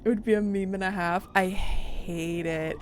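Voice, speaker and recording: A woman's voice: mid-range voice, fairly even intonation, unhurried, a little hiss or hum. A woman streamer chatting casually about her role-play character, rambling and laughing often.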